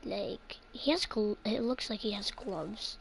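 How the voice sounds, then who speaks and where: A woman's voice: mid-range voice, unhurried, gravelly. A woman giving casual gameplay commentary, rambling playfully and often dropping into a whisper. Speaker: gameplay channel host. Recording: loud hiss and clicks on a home mic.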